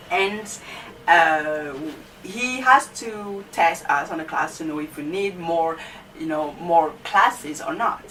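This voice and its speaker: A young student vlogger with a fairly low, sharp-toned voice talks casually about her teachers, her story packed with fillers like "you know." The mic is distant and there's faint background noise.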